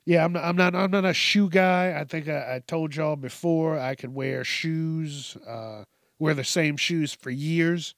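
Man, casual comedic commentary, cursing and rambling, slightly high voice, dry close mic. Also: unhurried, fairly bright tone, no echo. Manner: profane, rambling, jokey, puts on squeaky voices for kids. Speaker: news commentary host. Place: home room at a desk.

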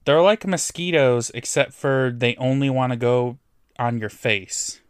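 A man co-hosts a casual podcast with a wry, self-mocking delivery. His voice is at an ordinary pitch, close to a dry home mic. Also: a little slow, clear, resonant tone, no room sound. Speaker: podcast co-host. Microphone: home mic on a Skype call.

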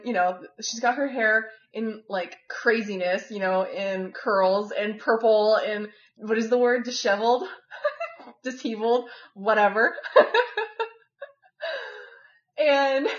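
A woman telling a personal story in a casual, rambling way, filling her speech with "like" and "you know". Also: fairly high pitch. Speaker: former volunteer living with a host family. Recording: dull, echoey room recording.

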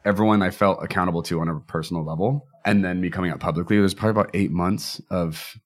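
A man in his thirties, a podcast guest, candidly recounting personal experiences as an earnest, animated storyteller who acts out quoted voices. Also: low-pitched, fast.

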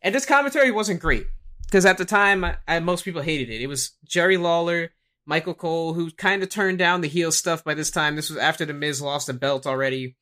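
High bright-voiced guy chatting on a podcast, laughs a lot, acts stuff out. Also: brisk. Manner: animated, laughs often, acts out quotes. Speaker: podcast host. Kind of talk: casual podcast chat.

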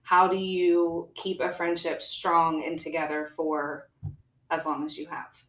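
A woman's voice: low voice, monotone, measured pace, fairly bright tone, echoey room, rough recording. A woman podcast host asking her guests questions in an earnest, thoughtful way. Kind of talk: interview conversation.

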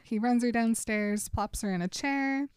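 A woman's voice: a little high, measured pace, darkish tone, smooth, dry recording, clean studio sound. A woman co-hosting a podcast, chattily retelling a book's scenes with frequent giggles. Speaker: podcast co-host. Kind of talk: casual book recap chat.

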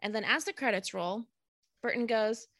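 A woman co-hosting a casual chat show, ranting heatedly with plenty of swearing. Her voice is bright and a touch high. It is recorded dry and close, with no room sound. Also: normal speed, no echo. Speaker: podcast co-host.

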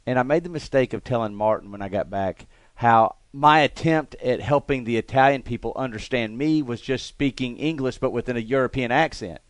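A middle-aged man from Alabama, telling animated stories and laughing often in a casual chat. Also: medium pitch, brisk, hardly any pauses, dry recording. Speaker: co-host.

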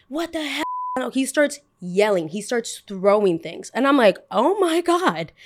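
Young woman host, casual storyteller, animated, voices the people in her story. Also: medium pitch. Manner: animated, acts out both sides of a dialogue. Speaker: podcast host.

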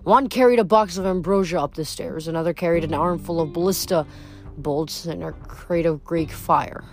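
A woman's voice: fairly low pitch, a little mellow, faint music behind. A woman reading a novel aloud, adding chatty, musing comments between chapters. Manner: chatty, musing, halting asides. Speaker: reader. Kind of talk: casual book reading with commentary.

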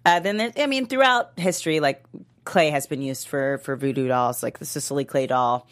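A woman's voice: extremely low pitch, normal speed. A woman co-hosting an aftershow, chatting casually and explaining at length with plenty of fillers. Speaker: aftershow co-host. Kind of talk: casual chat.

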